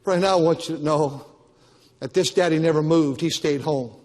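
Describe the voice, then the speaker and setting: A man's voice: fairly high pitch, moderate pace, a little mellow. An older man preaching a Baptist sermon as pastor, with emphatic, repetitive exhortation. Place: church auditorium. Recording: long church-hall reverb.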